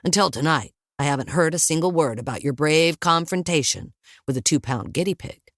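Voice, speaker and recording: A gruff older father with a dry, teasing wit, put on by a woman narrator. He speaks low and deadpan in an audiobook. The recording is dry and close. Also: a little fast, no echo.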